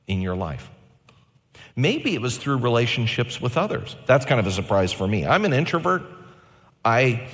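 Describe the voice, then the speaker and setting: A pastor in his forties delivering a sermon with animated, varied delivery and slow, emphatic phrases. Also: medium pitch, big-room sound.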